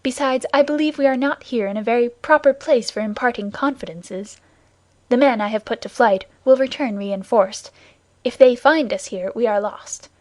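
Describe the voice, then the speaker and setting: A woman's voice: a little high, normal speed, no echo, close to an everyday voice. A woman voicing an earnest, gallant young male guardsman in an audiobook, reassuring and commanding.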